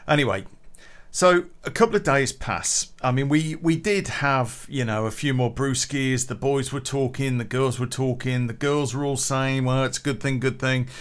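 A man's voice: medium pitch, normal speed, fairly bright tone. A man telling a casual anecdote, chatty, swearing freely and laughing at his own story.

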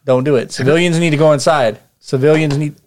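An officious trooper who keeps repeating his orders, voiced by a man in a tabletop game. His voice climbs higher as he gets alarmed. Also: fairly even intonation, brisk, darkish tone, lightly acted. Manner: repeating orders, rising pitch. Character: anxious male trooper, rule-bound and officious.

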